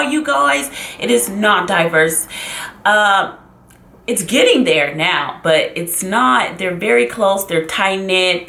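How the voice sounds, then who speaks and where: A woman's voice: mid-range voice, gravelly, fairly bright tone, roomy sound. A woman from Los Angeles telling a personal story in a vlog, emotional and confiding, speaking straight to her viewers. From Los Angeles, USA. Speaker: vlogger.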